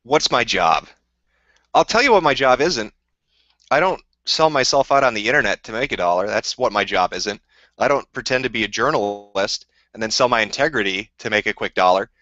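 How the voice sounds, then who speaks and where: Fielding viewer questions on a live stream, a man launches into a profane, rambling, combative rant. His lowish voice is expressive, brisk, pushed and bright, in dull lo-fi dry audio with no room sound.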